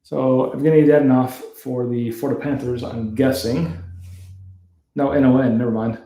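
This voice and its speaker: A man's voice: medium pitch, steady tone, normal speed, dark tone, roomy sound. A Canadian man hosting a card break, casually calling out player names and laughing at the hard-to-pronounce ones. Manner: reads off player names, chuckles at tricky pronunciations. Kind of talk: casual card-opening commentary.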